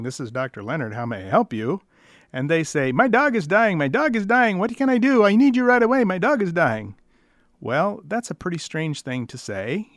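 A man's voice: mid-range voice, dry recording. A middle-aged man, a veterinarian, telling dry, wry stories about the questions his callers ask. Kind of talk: storytelling monologue.

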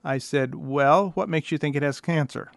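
A man's voice: fairly high pitch, moderate pace, vocal fry, no room sound. A middle-aged man, a veterinarian, telling dry, wry stories about the questions his callers ask. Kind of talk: storytelling monologue.

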